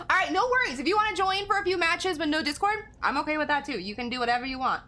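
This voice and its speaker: Bright-voiced chatty woman streamer. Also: sits high, big pitch swings, rapid-fire, hardly any pauses. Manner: chatty, laughs often, talks to viewers. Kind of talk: casual chat while livestreaming a game.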